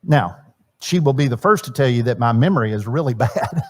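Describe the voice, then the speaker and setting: A man's voice: mid-range voice, expressive, a little fast. A middle-aged man teaching at a church marriage seminar, talking conversationally and acting out bits of dialogue. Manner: conversational, acts out quoted dialogue, repeats words.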